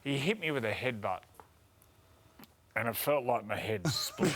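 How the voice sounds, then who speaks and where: A man with an Australian accent, co-hosting a rugby league show and telling animated stories with laughter. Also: on the low side, moderate pace, long pauses, slight background noise. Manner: laughs through animated anecdotes. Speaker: co-host. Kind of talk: casual storytelling.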